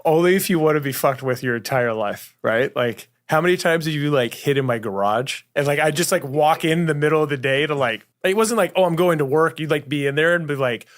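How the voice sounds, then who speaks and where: A man's voice: on the high side, brisk, hardly any pauses. A man talking casually on a podcast, telling stories earnestly and saying "like" often. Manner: earnest storyteller, lots of "like". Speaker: guest, neighbor and AV guy. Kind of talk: casual chat.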